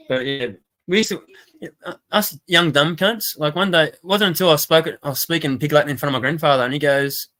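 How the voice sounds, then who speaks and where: A man's voice: on the high side, a bit bright. A man hosting a casual livestream chat, rambling, swearing and laughing often. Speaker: stream host.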